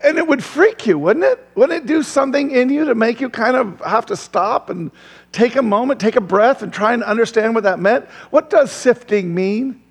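A male pastor preaching a sermon in a church, lively, throwing questions to the crowd and chuckling often. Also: very high-pitched, normal speed, slightly rough, in a large hall.

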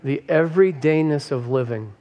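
A man's voice: fairly high pitch, normal speed, mellow, lo-fi sound. A man, the pastor, speaking in a reflective, preacherly way on a church podcast and asking listeners for agreement. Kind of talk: podcast sermon talk.

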